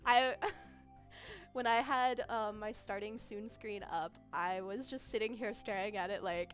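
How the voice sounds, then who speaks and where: A woman's voice: mid-range voice, slow. A woman streaming as a vtuber, chatting casually, giggling often and losing her train of thought as she reacts to chat. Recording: faint background music.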